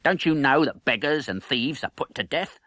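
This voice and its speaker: A man's voice: mid-range voice, expressive, normal speed, bright, forceful tone, no room sound, studio quality, pitched above the performer's own voice. A man voicing a scheming young beggar boy who wails and pleads. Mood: spiteful. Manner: wailing, pleading.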